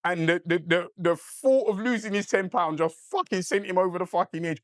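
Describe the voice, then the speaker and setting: A man's voice: high voice, fairly quick, no echo, clean studio sound. A man telling a long story as a podcast guest, swearing freely and checking in with his listener. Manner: animated, profane, keeps asking "right?". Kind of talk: casual storytelling.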